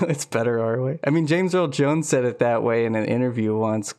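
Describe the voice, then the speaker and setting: A man's voice: mid-range voice, steady tone, normal speed, a little mellow, clean tone. Rambling jokey young man on a podcast. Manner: rambling, jokey, lots of fillers. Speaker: podcast co-host. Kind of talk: casual chat.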